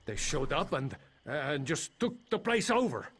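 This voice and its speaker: A man's voice: on the high side, big pitch swings, a little slow, fairly bright tone. An actor playing a flustered, wry mine foreman in a video game, rambling and a little sheepish. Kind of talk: game voice acting. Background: game music.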